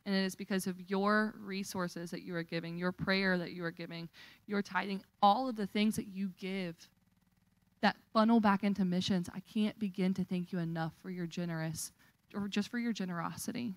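A woman's voice: mid-range voice, fairly even intonation, moderate pace, dry recording, low-quality recording. A young woman missionary speaking earnestly to a church congregation, asking for prayer and support. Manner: earnest, appealing. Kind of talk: testimony appeal at church.

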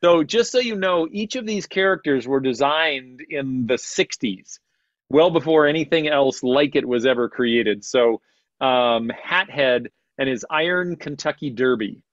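Brief: male gallery presenter, mid pitch, chatty and halting, dry slightly dull recording. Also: expressive, dry recording. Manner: chatty, halting restarts, laughs often. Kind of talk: casual panel chat. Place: convention panel stage.

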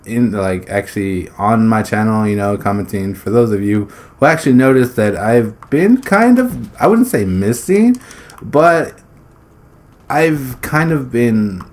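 A man's voice: on the low side, sing-song, a little slow, a little mellow. A man talking casually over his gameplay, rambling, swearing freely and blurting out exclamations as he plays. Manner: rambling, swears freely, laughs between phrases; blurts exclamations during play. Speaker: gaming YouTuber.

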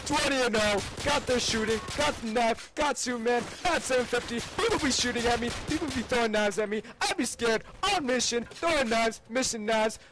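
A man putting on a loud, boastful hype-man voice for comedic gameplay commentary, full of slang and shouted brags. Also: very high voice, brisk, hardly any pauses, background noise, voice pushed up. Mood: hyped.

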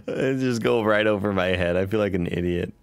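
A man's voice: fairly low pitch, a little fast, creaky, clear, resonant tone. A man hosting his game stream, chatting casually with friends and thanking viewers, self-deprecating and talkative. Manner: self-deprecating, chatty, reads chat aloud. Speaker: streamer host. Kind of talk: casual chat while gaming.

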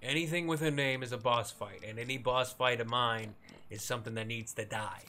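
A young man streaming a video game, casually joking and reacting out loud to what happens on screen. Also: medium pitch, fairly even intonation, brisk. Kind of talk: let's-play commentary.

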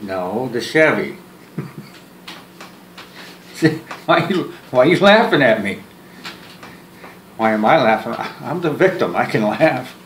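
Man, joking phone chat, rambling, self-deprecating, slow drawl, roomy echo. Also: medium pitch, very animated, fairly bright tone, a little hiss or hum. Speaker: vlogger. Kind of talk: one-sided phone chat to camera. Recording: roomy with faint ambience.

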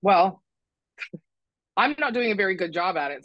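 A woman's voice: medium pitch, animated, moderate pace, a bit bright, no echo, highs cut off. A woman guesting on a podcast, talking candidly and critically about herself, with some swearing for emphasis. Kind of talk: candid conversational chat.

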